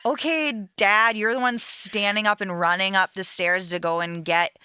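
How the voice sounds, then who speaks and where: A woman's voice: medium pitch, fairly even intonation, bright, forceful tone, clear, resonant tone, dry recording, studio quality. A woman co-hosting a casual recap podcast, sarcastic and profane, acting out the people she mocks. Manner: sarcastic, swears, mocks with quick quoted asides. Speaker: podcast co-host.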